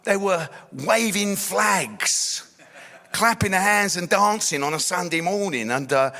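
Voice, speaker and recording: A man's voice: high voice, expressive, measured pace, pushed and bright. A middle-aged man tells a personal testimony in a blunt, streetwise way, often adding "you know.". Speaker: speaker giving a personal testimony. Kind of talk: storytelling testimony.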